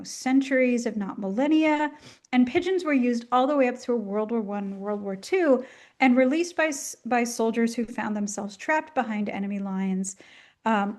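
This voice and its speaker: A woman's voice: a little high, a little mellow. A woman giving a chatty, enthusiastic talk with many ums and asides, coughing now and then as she gets over a flu. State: coughing, at the tail end of a flu. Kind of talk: casual illustrated lecture.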